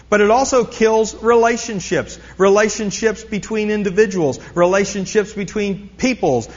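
A man preaching a sermon with a slightly high voice, pressing his points home by repeating phrases and putting questions to his listeners. The recording is dull and lo-fi, and his voice carries a long reverb from a large hall. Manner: emphatic, repeats key phrases, asks the congregation questions. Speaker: pastor.

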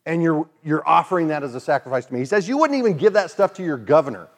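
A man preaches a sermon in a relaxed, conversational way. His voice sits a bit on the high side, and he briefly acts out the voices of the people he quotes. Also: fast talker. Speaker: pastor.

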